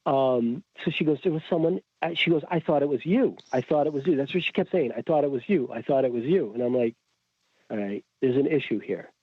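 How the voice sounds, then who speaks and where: A man's voice: medium pitch, brisk, slightly rough, no echo. A man from Connecticut with a Connecticut accent, telling a story as a podcast guest, acting out the voices of others with many restarts. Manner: animated, acts out quoted voices, frequent restarts. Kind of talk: storytelling in a casual chat. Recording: tinny phone-like audio, dry.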